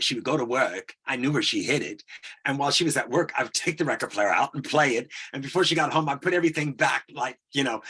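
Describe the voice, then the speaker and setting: A man's voice: a little high, pushed and bright, breathy edge. A middle-aged man telling a personal story as an interview guest, hesitant, with frequent restarts.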